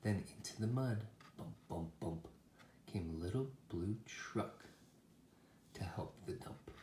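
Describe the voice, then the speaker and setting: Man reading a picture book slowly. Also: on the low side. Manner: slow, expressive, sing-song delivery with animal sounds. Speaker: parent reading to children. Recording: echoey room with faint noise.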